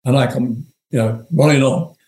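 A man's voice: mid-range voice, steady tone, normal speed, a little mellow. A man in his seventies from England, a guest telling rambling, profane anecdotes with frequent chuckles. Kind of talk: storytelling interview. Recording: roomy echo.

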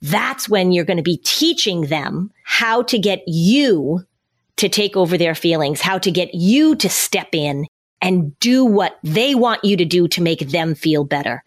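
A middle-aged woman, a parenting expert on a podcast, explaining calmly step by step and now and then acting out what a parent or child would say. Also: on the low side, unhurried. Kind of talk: podcast conversation.

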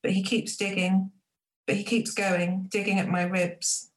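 A woman's voice: medium pitch, little pitch movement. Woman author reading in a roomy space. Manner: measured, reflective reading. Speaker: novelist reading her own book. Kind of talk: book reading and interview. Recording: roomy echo.

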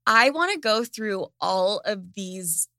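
A woman hosting a podcast in casual chat, ranting in an animated, profane way. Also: mid-range voice, takes it slowly, dry recording, clean studio sound. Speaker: podcast host.

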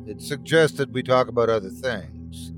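A man's voice: medium pitch, animated, unhurried, faint music behind, natural voice. Give me an eager, polite young crewman, read by a man. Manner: eager and deferential. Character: eager young male crewman, the creature's owner.

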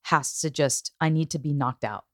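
A woman in her forties hosting a podcast, telling stories in a casual, emotional and animated way. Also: low voice, moderate pace, dry recording, clean studio sound. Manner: emotional, animated storytelling with acted-out quotes. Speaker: podcast host. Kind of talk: casual chat.

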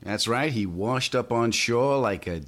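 A man hosting a comedy podcast, teasing his guest with dry deadpan jabs. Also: medium pitch, unhurried, a little hiss or hum. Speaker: podcast host. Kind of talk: casual comedic chat.

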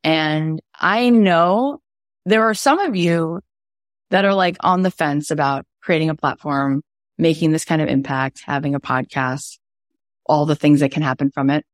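A woman podcast coach giving an online workshop, telling stories with lively acted-out quotes and ending on an earnest inspirational note. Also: low-pitched, unhurried, no room sound, clean studio sound. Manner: animated storyteller, acts out quoted voices. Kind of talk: motivational online workshop talk.

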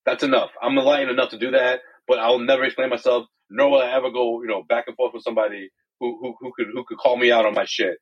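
A man co-hosting a sports podcast in casual chat, talking in an animated way, repeating words and mimicking others. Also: mid-range voice, quick pace, few pauses, husky, lo-fi sound. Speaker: podcast co-host.

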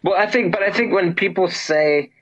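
A man, a musician guest, sharing opinions in casual chat, hesitant and measured. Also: high-pitched, over a noisy crowd. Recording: muffled lo-fi call audio.

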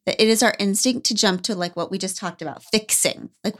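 Woman cohost on a podcast, mid pitch, earnest and thoughtful, lots of like and you know. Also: a little fast, hardly any pauses, a bit bright. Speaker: podcast co-host. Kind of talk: casual chat.

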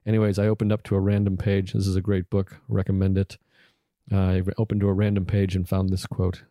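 Rambling Boston man, low mellow voice. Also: completely flat delivery, quick pace, no echo, clean studio sound. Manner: rambling, self-deprecating, loose. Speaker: podcast host. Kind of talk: casual podcast chat.

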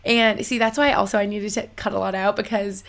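A young woman hosting a podcast, talking in an excitable, rambling way full of "like.". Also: mid-range voice, fairly quick. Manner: excitable, rambling, lots of likes. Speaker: podcast host. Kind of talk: casual chat.

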